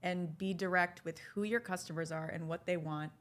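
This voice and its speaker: A woman's voice: fairly low pitch, steady tone, moderate pace. A woman hosting a podcast interview, affirming her guest and asking reflective questions. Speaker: podcast host.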